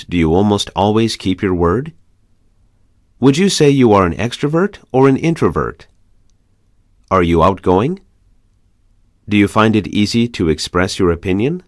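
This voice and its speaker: A man reading English practice questions one by one for a language course, measured and clear. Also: fairly low pitch, no echo, clean studio sound.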